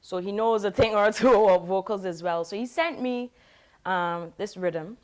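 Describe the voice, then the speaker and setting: A woman's voice: medium pitch, normal speed. Woman reggae singer telling stories. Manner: relaxed, reflective, with many "you know" fillers. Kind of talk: casual interview storytelling.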